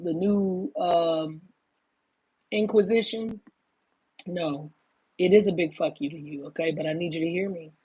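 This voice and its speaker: Casting note: woman, 50s, emphatic profane spiritual host, lowish husky voice, dry close sound. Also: darkish tone, no echo. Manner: profane, emphatic, calls listeners baby. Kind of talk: casual spiritual monologue.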